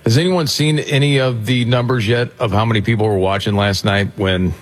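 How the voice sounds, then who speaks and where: A man's voice: medium pitch, fairly even intonation, a little fast. A man hosting a casual talk radio conversation, bringing up news topics for his co-hosts. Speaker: talk show host.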